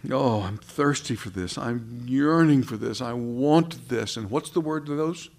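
Gravelly-voiced impassioned male preacher. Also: mid-range voice, unhurried. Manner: impassioned, rising and dropping to soft. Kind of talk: sermon.

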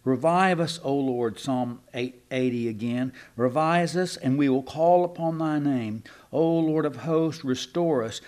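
A man preaching a sermon, slow and emphatic, asking rhetorical questions and sometimes restarting mid-phrase. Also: medium pitch, a little mellow.

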